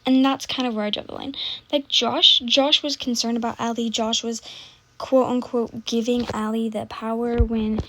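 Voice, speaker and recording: A young woman in casual, scattered chat, often trailing off, restarting and dropping to soft asides. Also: on the high side, little pitch movement, moderate pace. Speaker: book vlogger. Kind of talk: casual rambling chat while gaming.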